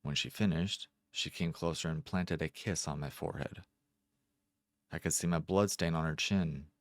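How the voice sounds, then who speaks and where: A man reading a first-person short story aloud in a measured, deliberate way with careful pauses. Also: extremely low pitch, fairly even intonation, no echo, clean studio sound. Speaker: amateur narrator.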